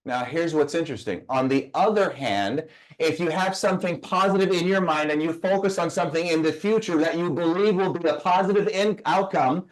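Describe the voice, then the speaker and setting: High-voiced man coaching with emphatic questions. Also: a little fast. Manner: emphatic, fires rhetorical questions at the audience; asks listeners to type answers in. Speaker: personal growth speaker. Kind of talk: motivational teaching session.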